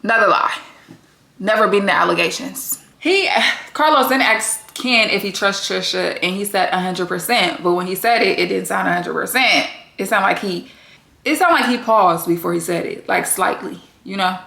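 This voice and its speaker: A woman's voice: mid-range voice, normal speed, gravelly, bright, forceful tone. Blunt, sassy woman in a roomy room. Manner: blunt and sassy, swears freely. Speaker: recap vlogger. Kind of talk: casual reality-TV recap commentary.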